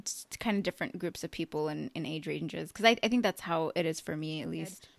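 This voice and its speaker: A woman's voice: low voice, a little fast, gravelly, dry recording. Rambling woman podcaster in her twenties. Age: 20s. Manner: animated, rambling. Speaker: podcast host. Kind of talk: casual chat.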